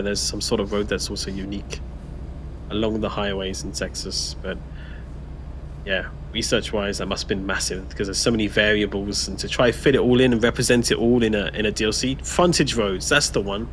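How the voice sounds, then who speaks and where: A man's voice: lowish voice, steady tone, brisk, background noise. A man co-hosting a casual gameplay livestream, chatting, laughing often and reading out viewer comments. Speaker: stream co-host.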